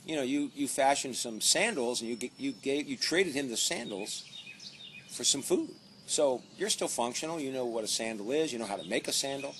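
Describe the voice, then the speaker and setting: Male author, heated sarcastic rant full of swearing, very animated pitch, faint ambience behind. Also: slight background noise. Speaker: author commenting on his book. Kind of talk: profane comic rant.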